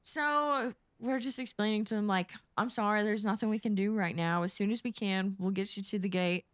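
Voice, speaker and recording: A woman flight attendant tells a story in quick, lively casual talk. Her pitch sits in the middle, and the sound is dry and close to the mic. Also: no room sound. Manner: fast, animated, acts out quotes.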